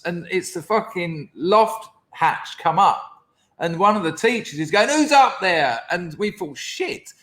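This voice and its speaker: A man as a podcast guest, telling a lively school anecdote in casual chat, laughing as he goes. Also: high voice. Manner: animated, laughing anecdote teller.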